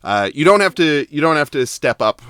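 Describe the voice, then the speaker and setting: Smooth-voiced man running a tabletop game. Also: fairly high pitch, very animated, brisk, fairly bright tone, no echo, clean studio sound. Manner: rambling, filler-heavy narration. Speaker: game master.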